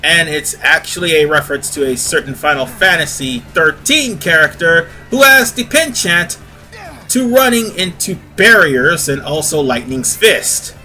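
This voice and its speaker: Host of a gaming channel: a male voice on the higher side, bright and forceful, chatty and rambling, faint game music under him. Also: animated, unhurried. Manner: chatty, rambling, self-correcting. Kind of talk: casual let's-play commentary.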